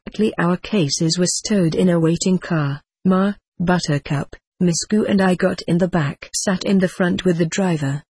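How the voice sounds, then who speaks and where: An audiobook narrator reading a story in a steady, even way. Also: medium pitch, moderate pace, few pauses, slightly rough, no room sound.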